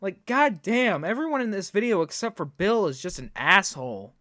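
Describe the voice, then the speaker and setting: A host reacts to a video clip with indignant, profane rants. The voice sits at a middle pitch and is recorded dry and close, with no room sound around it. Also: sing-song, normal speed, a bit bright, dry recording.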